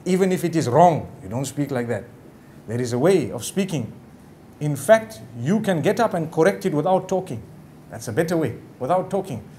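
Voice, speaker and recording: A man's voice: on the high side, animated, normal speed, dark tone, slight background noise. A middle-aged man giving a sermon-style lecture, talking casually with many "you know" asides. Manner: acts out the quoted lines of others. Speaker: Islamic preacher. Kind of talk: lecture to a live audience.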